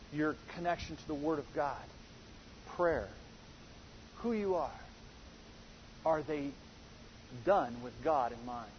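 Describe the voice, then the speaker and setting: Preacher, male, high husky voice, earnest and emphatic, dull lo-fi sound. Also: a little hiss or hum. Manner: earnest, building to emphatic quoted exchanges. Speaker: pastor. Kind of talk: sermon.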